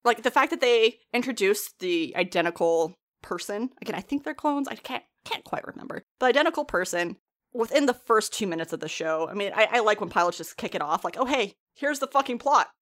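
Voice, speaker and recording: A young woman speaks briskly in a mid-range voice, casually recapping a TV episode. She's animated, swearing freely and laughing often.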